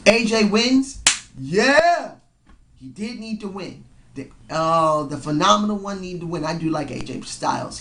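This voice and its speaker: A man reviewing a wrestling show in a casual vlog. He is hoarse from yelling and short on sleep, slightly slurring, and talks like a rambling, excitable fan. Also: high-pitched, slight background noise.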